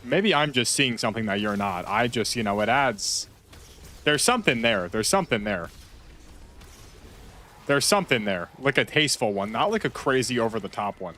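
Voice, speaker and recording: A man chatting casually while playing a game, rambling and repeating himself, with sudden loud outbursts. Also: mid-range voice, expressive, moderate pace, a little hiss or hum. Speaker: gaming streamer. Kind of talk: casual gameplay chat.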